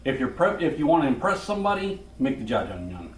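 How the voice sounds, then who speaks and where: A man's voice: a little high, sing-song, quick pace. Man, casual vlog chat, joking, roomy echo. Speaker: vlogger. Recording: roomy with faint noise.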